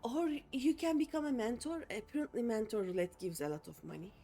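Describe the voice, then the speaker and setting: A woman's voice: a little high, very animated, fairly quick, mellow, soft background music. A young woman streaming a game, chatting casually to her viewers in a rambling way with many fillers and restarts. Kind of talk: casual chat while playing a game.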